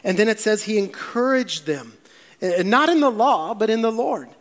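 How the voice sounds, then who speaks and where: A man preaching a sermon as a pastor in a church, telling stories with animated, voiced quotes. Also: sits high, normal speed, long reverb tail.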